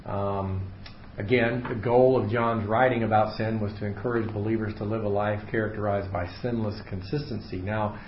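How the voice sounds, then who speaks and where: A man's voice: fairly low pitch, moderate pace, a little hiss or hum. Man teaching a Bible study, roomy. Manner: relaxed, unscripted explaining with many fillers and restarts. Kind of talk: casual Bible study lesson. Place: small room with a group. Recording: roomy, slightly dull room recording.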